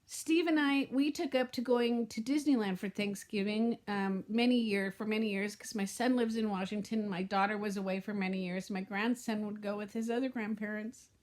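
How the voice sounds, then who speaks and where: A woman's voice: medium pitch, normal speed, hardly any pauses, a little mellow. A middle-aged woman vlogging to camera in a heartfelt, rambling way that often trails off and restarts. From Southern California. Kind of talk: casual talk to camera.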